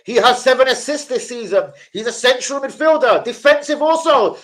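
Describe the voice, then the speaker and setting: A man's voice: very high-pitched, moderate pace. A young man hosting a jokey football transfer live stream, reading out viewers' names. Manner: animated, jokey, reads out chat names. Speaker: football channel host. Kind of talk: live stream chat about transfer news.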